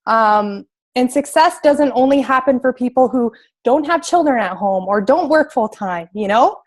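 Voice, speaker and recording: A young adult woman giving a motivational team call as a coach, energetic and emphatic, repeating her key points. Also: high-pitched, normal speed.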